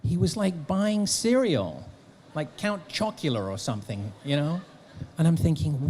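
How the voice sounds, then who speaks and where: A middle-aged man telling an animated anecdote as a guest at a fan press conference. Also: fairly high pitch, unhurried, hardly any pauses, a little hiss or hum. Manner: animated storyteller, slips into voices for the people he quotes. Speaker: actor and author guest.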